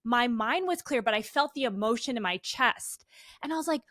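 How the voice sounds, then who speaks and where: A woman's voice: a little high, expressive, normal speed, fairly bright tone, dry recording, clean studio sound. A woman in her thirties hosting an interview, talking in an earnest and reflective way. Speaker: podcast host. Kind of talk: conversational interview.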